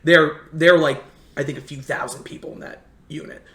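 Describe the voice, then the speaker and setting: Young guy, animated storyteller, slightly high voice, echoey room. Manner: animated, fast storyteller who acts out quotes. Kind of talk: casual storytelling chat. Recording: roomy echo.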